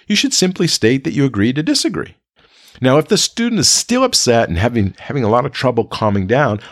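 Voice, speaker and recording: A man explaining classroom de-escalation to fellow educators in a calm, explanatory way, checking in with the occasional "right?". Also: on the low side, dry recording, studio quality. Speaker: teacher. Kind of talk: instructional talk to educators.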